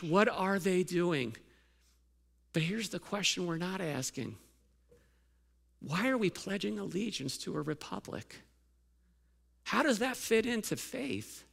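A man's voice: high voice, gravelly, fairly bright tone. A male pastor giving a sermon in a conversational way, asking the congregation many questions and restarting his sentences.

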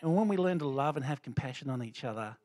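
A man's voice: medium pitch, animated, fast, a little mellow, no echo. A middle-aged man giving an informal church testimony, talking loosely with many fillers and restarts. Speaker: lay speaker sharing a testimony.

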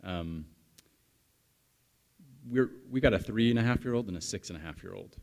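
A man's voice: fairly low pitch, normal speed, creaky, darkish tone. A man in his thirties, a pastor, giving a conversational sermon and telling a story while chatting with the congregation.

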